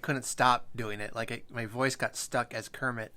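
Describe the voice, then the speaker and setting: An easygoing male podcast host who talks in a relaxed, chatty way, pausing now and then on small fillers. His voice sits at an ordinary middle pitch for a man. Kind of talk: casual chat and show announcements.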